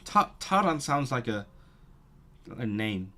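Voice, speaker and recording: A man talks to himself while studying, with a musing, free-associating manner that keeps doubling back to correct itself. His voice sits at a middle pitch. Keys clack now and then in the background. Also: lively intonation, unhurried, fairly bright tone. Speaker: language learner vlogger. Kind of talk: thinking aloud while studying.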